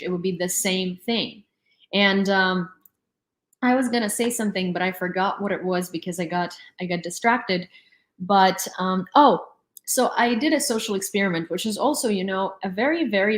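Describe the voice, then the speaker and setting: Chatty woman in an echoey room. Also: medium pitch. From Ukraine (Lviv). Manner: rambling, exasperated, many fillers. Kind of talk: casual chat.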